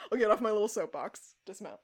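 Animated woman podcast co-host. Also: mid-range voice, normal speed, slightly rough. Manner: animated, swears, acts out quotes. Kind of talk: casual chat recapping a TV episode.

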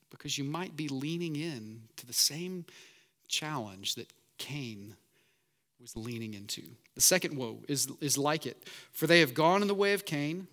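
A man's voice: fairly high pitch, creaky, fairly bright tone. A man preaching a sermon as pastor, earnest and building emphasis through repetition.

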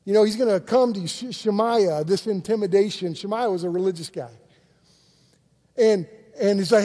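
A man preaching a sermon as a pastor, energetic, acting out quotes and repeating words for emphasis. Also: sits high, normal speed, big-room sound.

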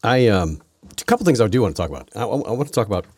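Male podcast host, low husky voice, lively pitch, sarcastic rambling delivery. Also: very fast, no room sound, studio quality. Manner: rambling, sarcastic, frequent restarts. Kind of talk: casual political commentary.

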